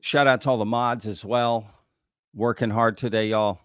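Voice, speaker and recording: A man's voice: lowish voice, fairly even intonation, moderate pace, fairly bright tone, clean tone, no echo, clean studio sound. A man hosting a live stream, chatting casually and greeting viewers in a drawling way. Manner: casual, drawling, says y'all a lot. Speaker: host.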